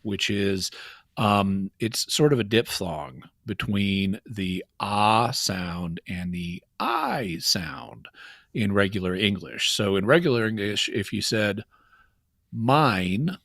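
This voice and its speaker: Low-voiced man with an Ozark accent. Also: animated, slow pace, a bit bright, no echo, studio quality. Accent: Ozark Arkansas. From Ozark Mountains, Arkansas. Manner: explanatory, lecturing with many fillers and restarts. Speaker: caller. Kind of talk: casual call-in chat.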